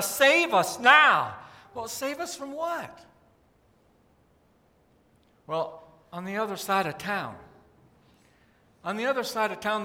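A pastor telling a story in a sermon, animated and acting out the crowd's cries. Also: male voice, sits high. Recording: long hall reverb.

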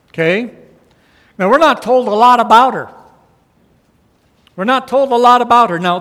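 Man preaching, high voice, slow unhurried delivery, conversational, long hall reverb. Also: a bit bright. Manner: conversational, checks in with "okay?" and "all right?". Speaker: pastor. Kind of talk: sermon with Bible teaching.

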